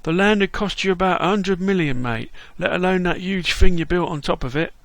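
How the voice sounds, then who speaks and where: A man's voice: sits high, brisk, a bit bright, dry recording, pitched above the performer's own voice. A man voicing a friendly, down-to-earth older Londoner with a London accent, matey and chatty in a game role-play. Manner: matey, chummy, says "mate" a lot.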